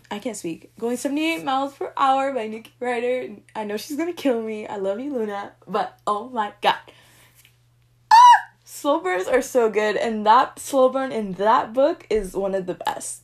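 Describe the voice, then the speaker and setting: A young woman talks through romance tropes in a casual vlog, her slightly high voice leaping into excited squeals and dropping to soft murmurs. She gushes freely and talks animatedly. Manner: gushing, animated, with big swings between squeals and murmurs. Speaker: book vlogger ranking tropes. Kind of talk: casual chat.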